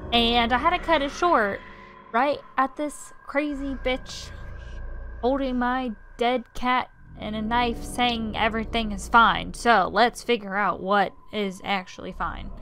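A woman's voice: on the high side, fairly bright tone, a little hiss or hum. A young woman gaming YouTuber doing casual, blunt let's-play commentary.

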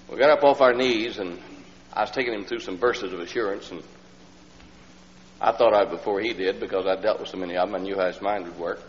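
A man preaching a folksy storytelling sermon and acting out the people in his story, sometimes rising to loud, pleading lines. The old LP recording is dull and lo-fi with a faint hum. His voice trails off into the long reverb of a large hall. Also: fairly low pitch.

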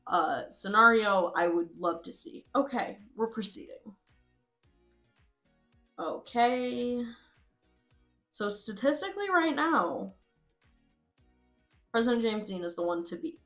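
A woman's voice: fairly high pitch, expressive, slow, pauses often, a bit bright, faint music behind. A woman giving casual, chatty commentary over a game, laughing often and swearing freely. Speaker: host.

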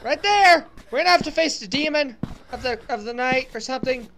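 A woman's voice: sits high, fast talker, a bit bright. A woman playing a horror game and commenting as she goes, reacting with fright and sympathy. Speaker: let's play gamer.

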